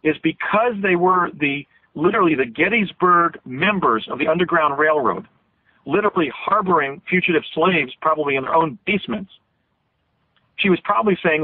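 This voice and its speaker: On a call-in radio show, a man in his fifties with a somewhat high, animated voice tells a long story at a moderate pace, earnest and rambling with many restarts. He is an interview guest heard over a tinny, dry phone line.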